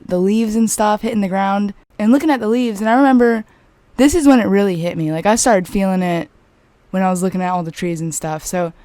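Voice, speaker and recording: A young woman rambles through a personal story in a chatty, animated way, leaning on "like" at every turn. Her voice sits at an ordinary middle pitch. The sound is dry and close, with no room echo. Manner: chatty, filler-heavy, animated retelling. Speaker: vlogger. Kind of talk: casual storytelling.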